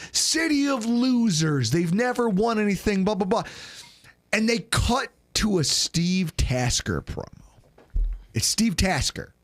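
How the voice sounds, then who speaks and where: A man co-hosting a casual podcast, excitedly telling stories and acting out the people he quotes. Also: sits high. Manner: animated, excitable storyteller who acts out quotes. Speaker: podcast co-host. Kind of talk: casual chat.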